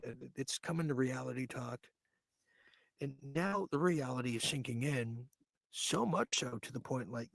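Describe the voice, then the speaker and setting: A man hosts a late-night podcast in a ranting, sarcastic monologue, stumbling through fillers and restarts. His voice is gravelly and husky. The sound is dry and close. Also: mid-range voice, no room sound. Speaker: podcast host.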